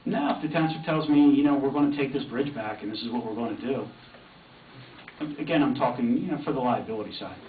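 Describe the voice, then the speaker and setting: A man's voice: mid-range voice, lively intonation, fast. A middle-aged man speaking as an insurance representative at a township meeting, hedging with plenty of fillers. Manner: hesitant, lots of hedging fillers. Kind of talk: public meeting discussion. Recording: distant, echoey, tinny, noisy.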